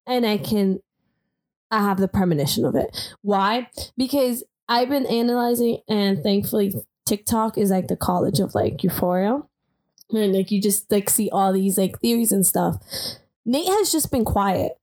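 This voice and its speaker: A woman's voice: medium pitch, moderate pace, a little mellow. A young woman co-hosting a podcast, talking loosely and casually with plenty of "like". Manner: chatty, loose, lots of "like". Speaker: podcast co-host. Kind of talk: casual chat.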